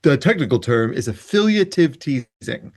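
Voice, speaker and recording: A man hosting a podcast, chatting and explaining ideas in an animated way. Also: medium pitch, normal speed. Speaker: podcast host. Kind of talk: casual podcast chat.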